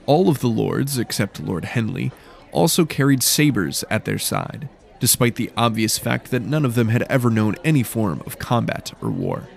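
A man narrates a fantasy story in a measured, even way. His voice sits in a middle register with a gravelly, fry-tinged texture. The delivery is steady and descriptive throughout. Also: mid-range voice.

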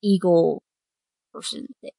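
A woman's voice: lowish voice, slow pace, creaky, dark tone, slight background noise. A woman running a tabletop game as game master, narrating casually with hesitations. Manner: casual, hesitant, with fillers and giggles.

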